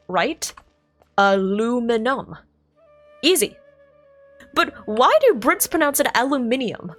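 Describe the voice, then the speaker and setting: An American woman chats on a live stream with a lively, bouncing pitch, rambling and correcting herself as she goes. Faint music plays quietly behind her. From United States. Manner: chatty and rambling, thinks aloud, self-correcting. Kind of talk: casual chat with live stream chat.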